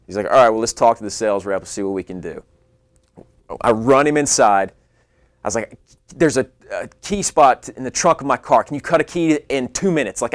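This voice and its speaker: A young man, an actor, telling a fast, animated story about himself in a casual way. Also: mid-range voice, dry recording, studio quality. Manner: animated, acts out his own lines in a rising voice. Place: California.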